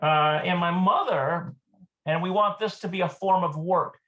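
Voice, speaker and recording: A man teaching a casual language lesson, thinking aloud and slowly repeating words as he works through exercises. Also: high-pitched, sharp tone, muffled recording.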